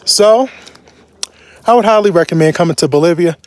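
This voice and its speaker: A man casually narrating his own travel vlog, slangy and animated, his voice jumping up in surprise. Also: brisk. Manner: animated, slangy storyteller with big pitch jumps. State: short of breath at altitude. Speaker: travel vlogger.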